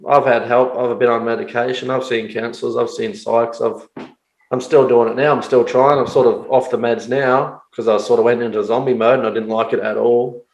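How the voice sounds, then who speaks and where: A man's voice: mid-range voice, level tone, a little fast. A man hosting a podcast in casual chat, swearing and acting out quoted lines in little voices. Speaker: podcast host. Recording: roomy echo.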